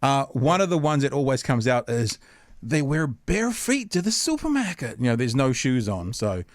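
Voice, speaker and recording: A man's voice: mid-range voice, big pitch swings, moderate pace, no echo, studio quality. A man from New Zealand with a Kiwi accent hosting a casual interview, laid-back and jokey, dropping local slang. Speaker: host.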